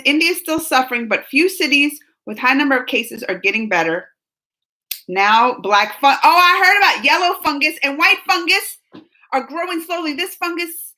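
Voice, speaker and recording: She hosts a laid-back livestream, reacting and reading comments from her audience, laughing frequently as she chats and wanders off topic. Her voice is high and sharp, captured on a low-quality recording.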